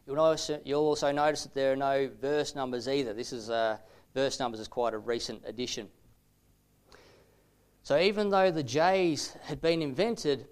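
A man with an English accent explaining biblical names in a measured, thoughtful talk, slowing down to stress key words. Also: a little high, smooth. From England. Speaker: Bible teacher.

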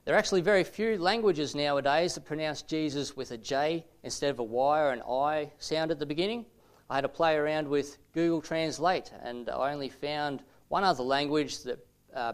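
A man with an English accent explaining biblical names in a measured, thoughtful talk, slowing down to stress key words. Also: a little high. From England. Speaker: Bible teacher.

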